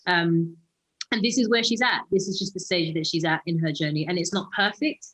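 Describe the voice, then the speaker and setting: A woman's voice: fairly low pitch, a little fast, fairly bright tone, rough recording. A British woman giving a thoughtful interview about her acting role, with many fillers and restarts. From Britain. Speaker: actor, interview guest. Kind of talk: casual interview talk.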